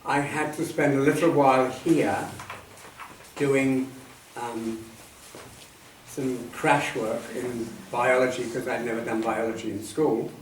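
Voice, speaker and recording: A man in his seventies shares personal memories at a talk, speaking softly and reflectively and letting his sentences trail off. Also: mid-range voice, fairly even intonation, slow pace. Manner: reflective, soft-spoken, trailing off at line ends. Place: meeting hall at a centre. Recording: echoey hall, distant mic, faint noise.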